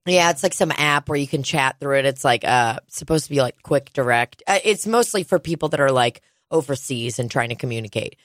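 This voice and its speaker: A woman's voice: rumbling low, animated, a little fast, hardly any pauses, no room sound. Rambling chatty American woman, dry sound. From United States. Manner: rambling, filler-heavy, laughs easily. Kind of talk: casual chat.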